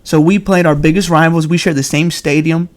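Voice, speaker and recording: A man's voice: on the high side, fairly even intonation, brisk. A young man hosting a casual podcast, exuberant and chatty, laughing often. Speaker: podcast host. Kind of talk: excited casual podcast chat.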